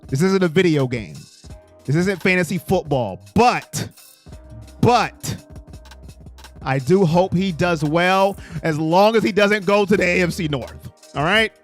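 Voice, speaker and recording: A man hosting a casual live stream, talking through viewer chat in a rambling, talkative way. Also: high voice.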